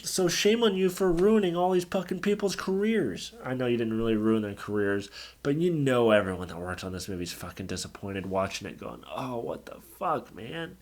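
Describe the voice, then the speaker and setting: A man's voice: mid-range voice, brisk, a little mellow. A man ranting angrily through a movie review, swearing often and sounding exasperated. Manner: angry, profane, exasperated ranting.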